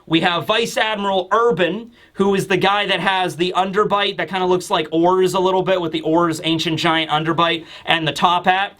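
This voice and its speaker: A man's voice: sits high, fairly even intonation, moderate pace, few pauses, fairly bright tone. A man reviewing a comic chapter in casual chat, rambling and thinking aloud with many fillers. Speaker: anime and manga reviewer.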